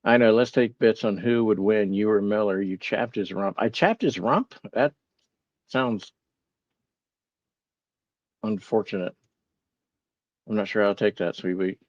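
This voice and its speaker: A man's voice: lowish voice, fairly even intonation, a little slow, long pauses, a little mellow, dry recording, lo-fi sound. A man hosting a casual live stream, musing aloud, reading chat replies and poking fun at his own confusion. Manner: bemused, self-mocking. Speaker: livestream host.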